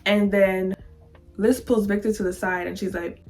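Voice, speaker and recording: Animated woman vlogger retelling a story. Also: medium pitch, normal speed. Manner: animated, dramatic, acts out characters. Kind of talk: casual storytime recap of a novel.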